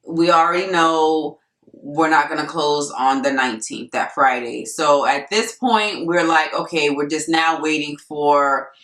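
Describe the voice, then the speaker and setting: A young adult woman telling a story to camera in a casual vlog, animated and laughing often as she acts out what people said. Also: low voice. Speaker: vlogger. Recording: echoey room, mic at a distance.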